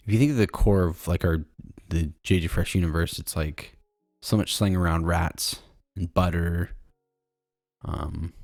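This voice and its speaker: Gravelly low-voiced man, rambling chat. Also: a little mellow, dry recording, studio quality. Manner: rambling and giggly, many fillers and restarts. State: tired. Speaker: podcast co-host. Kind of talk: casual chat.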